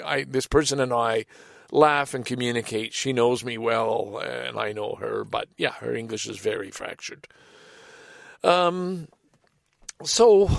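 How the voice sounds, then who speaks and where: Rambling man with a gravelly voice. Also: medium pitch, no echo, clean studio sound. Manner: rambling, halting, with sighs and restarts. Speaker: storyteller. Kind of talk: casual personal anecdote.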